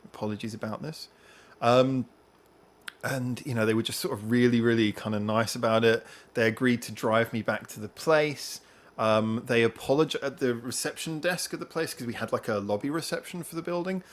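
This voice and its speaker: Man telling a lively story. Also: mid-range voice, normal speed. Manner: animated, acts out others' lines. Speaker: podcast host. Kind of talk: casual storytelling chat.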